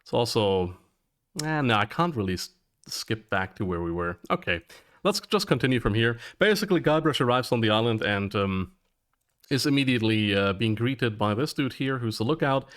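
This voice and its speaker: A man streaming and commenting on a retro adventure game live, chatty and excitable, laughing and cursing now and then. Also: mid-range voice, moderate pace. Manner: excitable, chatty, laughs often, curses when surprised.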